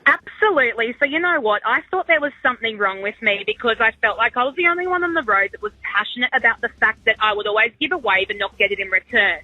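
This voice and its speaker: A woman's voice: on the high side, expressive, fast, few pauses, dry recording. A woman calling in to a radio show, speaking with passion and emphasis. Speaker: caller. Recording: dull, dry phone line.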